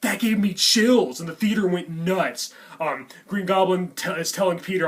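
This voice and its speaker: Rambling, filler-heavy man, slightly high voice. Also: animated, moderate pace, fairly bright tone. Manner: rambling, many "um" and "you know" fillers. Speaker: movie reviewer. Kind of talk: casual reaction vlog.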